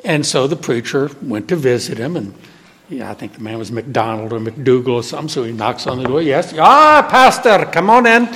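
A man preaching a sermon in an emphatic way, swinging from loud declarations to hushed storytelling. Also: medium pitch, brisk, a little hiss or hum. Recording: long reverb of a hall.

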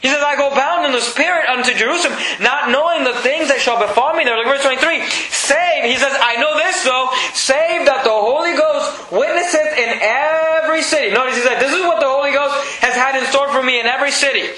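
A man's voice: extremely high pitch, a little fast, hardly any pauses, pushed and bright, reverberant, poor audio. A male pastor preaching verse by verse, repeating phrases with rising emphasis and acting out the apostle's words. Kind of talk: verse-by-verse sermon.

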